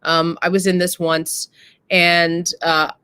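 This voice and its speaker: A woman's voice: fairly low pitch, little pitch movement, slow, sharp tone, clean tone, no echo. A woman hosting a live stream, talking earnestly and casually and addressing her viewers directly. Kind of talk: casual reflective talk to viewers.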